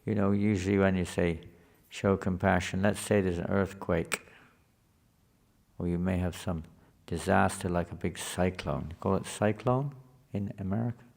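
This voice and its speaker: Low gravelly man giving a scripture class. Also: normal speed, a little mellow. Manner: conversational, often checks in with listeners with questions. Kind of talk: informal scripture lecture to a live group.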